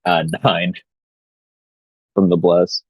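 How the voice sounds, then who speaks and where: A man playing a tabletop game, describing his character's moves and dice rolls with halting fillers. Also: low-pitched, flat delivery, darkish tone, no room sound, low-quality recording. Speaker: player. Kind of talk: casual tabletop game play.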